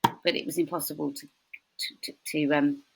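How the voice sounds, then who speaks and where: A woman in her forties, a podcast guest chatting casually, telling lively stories. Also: low voice, moderate pace, gravelly, husky, rough recording. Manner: chatty, animated storytelling with quoted voices. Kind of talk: casual chat.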